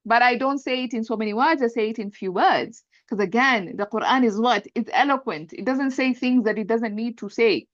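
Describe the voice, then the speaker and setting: Fairly high-pitched and fairly quick, a woman with few pauses teaches Arabic grammar in a lo-fi recording without echo. She is patient, restating points step by step and often asking "right?" to check understanding.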